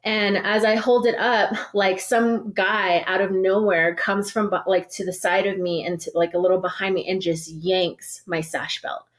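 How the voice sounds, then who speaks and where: A woman's voice: mid-range voice, moderate pace, few pauses. A woman from the Navajo Nation, an organizer, recounting an experience in casual speech with many "like"s and restarts. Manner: heavy use of "like" and restarts, animated storytelling. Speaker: organizer, podcast guest.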